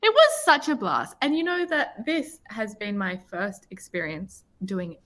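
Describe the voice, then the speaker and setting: A woman from Australia with an Australian accent, an actress talking casually about her new film, chatty and quick to laugh. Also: mid-range voice, sing-song. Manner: chatty, laughs often, warm praise of co-star. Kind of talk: casual promotional chat.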